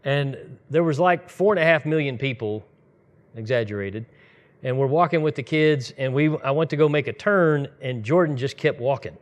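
A man's voice: medium pitch, moderate pace, muffled recording. A man preaching a sermon in a conversational, storytelling way, speeding up in bursts. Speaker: pastor.

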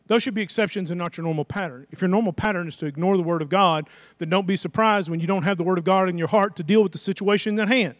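High-voiced man preaching a conversational sermon. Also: fast, dry recording, studio quality. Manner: conversational preaching with acted-out asides and rhetorical questions. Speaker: pastor.

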